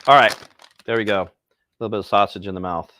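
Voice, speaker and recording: A man's voice: fairly low pitch, steady tone, fast, pushed and bright, slight background noise. A man hosting a casual cooking livestream, chatting and rambling to his viewers while he cooks outdoors. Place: outdoors by a pizza oven.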